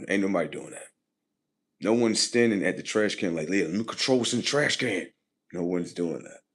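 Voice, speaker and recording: Low husky man rambling on a livestream. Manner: rambling, repetitive and profane, drifting between muttering and loud emphasis. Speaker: livestream host. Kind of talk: casual livestream monologue.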